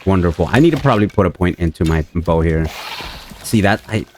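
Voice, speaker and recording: A deep-voiced young man chatting his way through a survival game. He talks to his viewers and his in-game horse and breaks into excitable outbursts when enemies show up. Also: brisk, a little hiss or hum. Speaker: gameplay streamer. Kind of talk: casual let's-play commentary.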